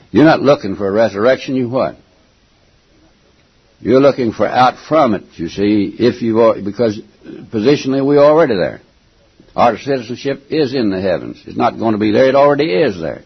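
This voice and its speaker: An older man preaches a folksy, emphatic sermon in a low, gravelly voice with a husky edge. He clears his throat often and goes back over his words. The recording sounds dull and lo-fi. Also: lively intonation, moderate pace.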